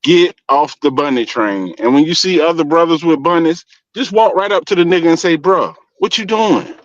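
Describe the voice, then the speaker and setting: A man calling in, talking bluntly and lecturing in a casual, lively way. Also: fairly high pitch, a little fast, no echo. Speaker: guest caller. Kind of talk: casual chat. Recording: dull lo-fi call audio with faint noise.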